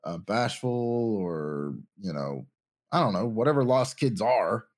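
Low-voiced rambling man chatting. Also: sing-song, unhurried. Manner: rambling, many ums and restarts, thinking aloud. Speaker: podcast co-host. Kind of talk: casual chat.

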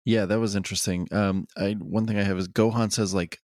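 A man's voice: on the low side, fairly even intonation, fairly quick, darkish tone, no echo, studio quality. A young man co-hosting a podcast in casual chat, jokey and given to acting out quotes in silly voices. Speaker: podcast co-host.

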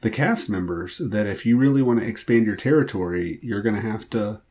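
A man co-hosting a casual podcast, tossing out deadpan, absurd joke ideas. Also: on the low side, fairly quick. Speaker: podcast co-host. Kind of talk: casual chat.

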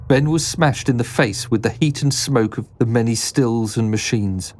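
A man reading a fantasy story aloud in a steady, descriptive storybook narration. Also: medium pitch, moderate pace, slight background noise.

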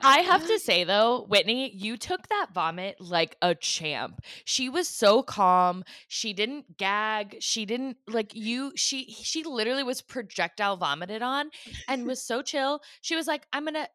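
Bright-voiced woman telling an animated story. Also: a little high, measured pace, no echo, clean studio sound. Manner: animated storyteller, laughs often. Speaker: podcast co-host. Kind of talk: casual chat.

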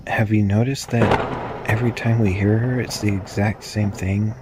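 A man voicing his cousin, a wary patrolman hesitantly voicing his unease, over loud background noise with thunder. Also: lowish voice, little pitch movement, moderate pace, lightly acted. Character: uneasy male patrolman sensing something wrong.

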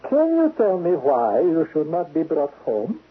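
A man playing a cold, menacing foreign spy chief in a 1970s radio drama, clipped and husky. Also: on the high side, wildly swooping pitch, a little slow, heavily acted. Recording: dull lo-fi radio broadcast.

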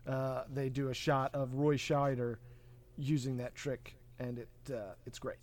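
A man's voice: mid-range voice, level tone, a little slow, a little mellow, dry recording. A man co-hosting a podcast, recapping a film in a loose, rambling way with plenty of fillers. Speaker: podcast co-host. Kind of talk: casual movie chat.

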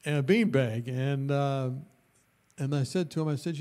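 A male pastor telling a story in a sermon, animated and lively, with bursts of loudness and laughter. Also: mid-range voice, moderate pace.

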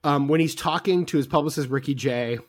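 A man's voice: a little high, brisk, a crowd in the background. A man co-hosting a casual film podcast, talking with rambling enthusiasm, full of fillers and casual swearing. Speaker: podcast co-host.

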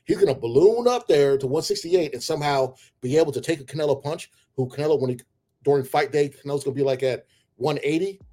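A man hosting casual sports talk, opinionated and animated, breaking into heated outbursts. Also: fairly high pitch, fast talker. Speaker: combat sports commentator.

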